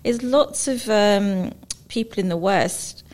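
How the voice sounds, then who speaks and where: A woman's voice: mid-range voice, slow, darkish tone, a little hiss or hum. Thoughtful woman in casual talk. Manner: thoughtful, reflective, builds points in lists. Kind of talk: casual chat.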